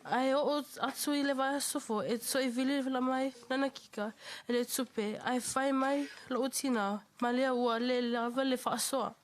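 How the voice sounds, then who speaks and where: A high-pitched young woman speaks at a family funeral service in a chapel. She is emotional and close to tears as she delivers her eulogy, and she stumbles and restarts her words. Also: fairly even intonation, a little hiss or hum. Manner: halting, stumbling over words. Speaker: eldest daughter giving a eulogy.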